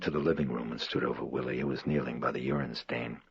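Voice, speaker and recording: A man with a very deep, husky voice reads a horror novel in a measured, somber manner. The sound is close and dry, with slightly dull highs. Faint music sits beneath him. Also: steady tone, dry recording. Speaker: audiobook narrator. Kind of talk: scripted horror narration.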